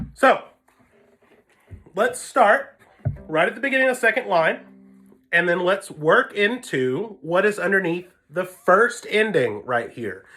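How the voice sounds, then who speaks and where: A man's voice: a little high, pushed and bright. A man giving a patient music lesson, counting beats aloud and explaining notes to his students. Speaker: string teacher. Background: violin playing.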